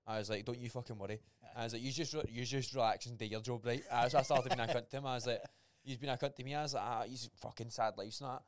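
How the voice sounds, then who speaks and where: A young man with a Scottish accent, co-hosting a podcast in an animated, sweary way. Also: mid-range voice, quick pace, dry recording, studio quality. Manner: animated, sweary, repeats words. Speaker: podcast co-host. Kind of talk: casual chat.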